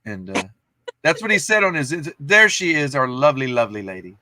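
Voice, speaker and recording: A man's voice: a little high, big pitch swings, brisk, sharp tone, no echo. A man hosting a casual livestream, chatting in a rambling, self-interrupting way. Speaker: livestream host.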